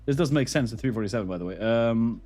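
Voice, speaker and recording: A Norwegian livestreamer with a Norwegian accent talks fast in a mid-range, slightly mellow voice. He chats casually with his viewers, rambling and chuckling and drifting into mild rants.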